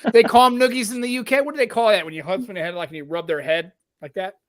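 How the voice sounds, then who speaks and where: Middle-aged male host, quick and high-pitched, rambling anecdotes, dry close mic. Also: dry recording. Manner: rambling, animated storyteller who acts out quoted voices. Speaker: podcast host. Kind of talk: casual chat.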